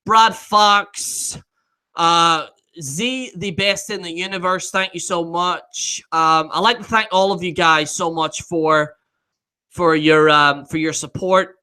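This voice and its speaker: A man's voice: sits high, fairly even intonation, takes it slowly, pushed and bright, clean tone. A man hosting a casual live stream, reading viewer comments aloud, laughing often, swearing freely and trailing off mid-sentence.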